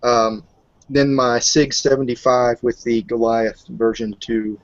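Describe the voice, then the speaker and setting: Co-host, relaxed and giggly, mid voice, dry close muffled lo-fi sound. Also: male voice, mid-range voice, a little slow, no echo. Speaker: podcast co-host. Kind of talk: casual podcast chat.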